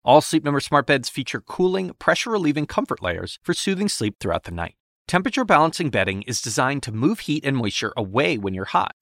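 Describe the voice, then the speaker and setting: A man reading a scripted commercial with a smooth, polished delivery. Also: medium pitch, big pitch swings, fairly quick, fairly bright tone, no echo, clean studio sound. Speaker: ad announcer. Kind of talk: scripted ad read.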